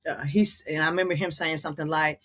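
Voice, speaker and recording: An animated older woman with a deep voice tells stories at a quick pace, acting out quoted voices and laughing often. She's a guest on a storytelling interview, an author who was once a caregiver.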